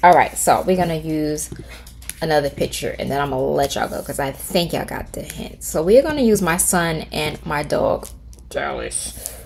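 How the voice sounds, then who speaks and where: A woman's voice: deep voice, expressive, moderate pace, gravelly, darkish tone. Woman, middle-aged, casual tutorial host, chatty, thinks aloud, home room, faint background noise. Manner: chatty, talks to viewers as "y'all"; thinks aloud while typing prompts. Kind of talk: casual screen-recorded tutorial.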